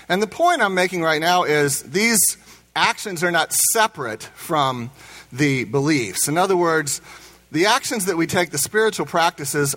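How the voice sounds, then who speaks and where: A man's voice: fairly high pitch, fairly bright tone, low-quality recording. A man from Indiana preaching a sermon in a conversational, self-correcting way. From Indiana, USA. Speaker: pastor.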